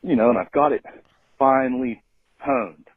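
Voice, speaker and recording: A man's voice: mid-range voice, steady tone, a little slow, slightly rough, no echo. A man leaving a rambling, laid-back voicemail for a podcast over a lo-fi phone line. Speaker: caller. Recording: muffled lo-fi phone message.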